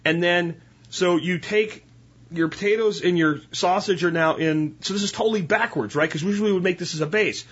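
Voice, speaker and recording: A man's voice: sits high, a little fast, fairly bright tone, slightly rough, lo-fi sound. A man hosting a podcast, chatting through cooking tips in a casual, instructional way with frequent "right?" asides. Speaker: podcast host. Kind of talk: casual solo podcast talk.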